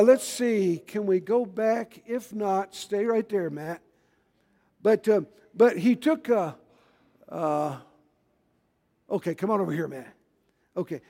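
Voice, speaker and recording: A pastor preaching a folksy sermon, calling for amens and rising to shouts. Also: male voice, high voice. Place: church sanctuary. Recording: long reverb of a church hall.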